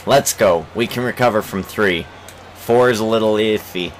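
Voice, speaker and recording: A young man giving let's play commentary on a baseball game, swearing and shouting in frustration at his team. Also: lowish voice, normal speed, slight background noise, low-quality recording. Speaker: gaming channel host.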